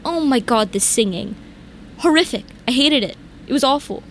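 A young woman talks in a casual chat, her fairly high voice leaping up in pitch as she rants. She fills her sentences with "like" and sounds fired up throughout. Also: moderate pace, slight background noise. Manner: animated ranting, lots of "like", big pitch jumps. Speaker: podcast co-host.

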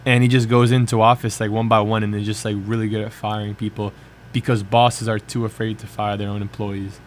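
Rambling young man, lowish voice. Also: little pitch movement, a little fast, a little hiss or hum. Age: young adult. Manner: rambling, many filler likes, trailing off. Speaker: college radio co-host. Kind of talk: casual chat.

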